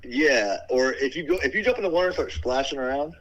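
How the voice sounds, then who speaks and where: A man's voice: medium pitch, lively intonation, quick pace, a bit bright, poor audio. A man in casual, profane chat, telling rowdy stories and acting out the voices of people and animals. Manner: rowdy storytelling, acts out voices, swears constantly.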